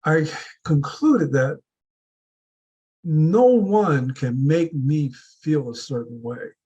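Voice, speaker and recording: A man's voice: on the high side, takes it slowly, dark tone, slightly rough, muffled recording. A man giving a prepared motivational speech at a public speaking club, earnest and building with repeated rhetorical questions.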